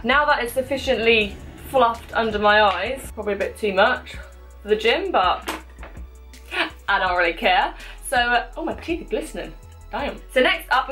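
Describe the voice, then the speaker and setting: A woman's voice: fairly high pitch, fairly bright tone. A woman in her twenties chatting casually through a makeup tutorial, self-mocking and talking as she applies products at home. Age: 20s. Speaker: beauty vlogger.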